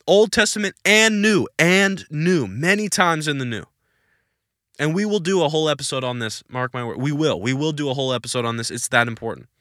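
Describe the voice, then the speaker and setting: A man's voice: on the high side, pushed and bright, dry recording, clean studio sound. A man hosting a Christian podcast Q&A, answering questions in an emphatic, insistent, preachy way and repeating his points. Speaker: podcast host.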